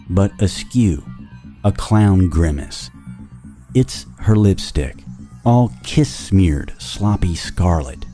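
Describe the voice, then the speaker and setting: A man's voice: sits low, warm tone. A man reading a short story in the first person, intense and obsessive, lingering over each word. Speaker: narrator.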